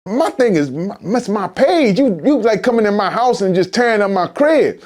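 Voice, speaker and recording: Philly rapper guy telling a wild story, high voice, swings all over, lots of restarts. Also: normal speed. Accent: Philadelphia. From Philadelphia. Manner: animated, acts out quotes in shifting voices, many restarts. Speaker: rapper guest. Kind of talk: animated storytelling interview.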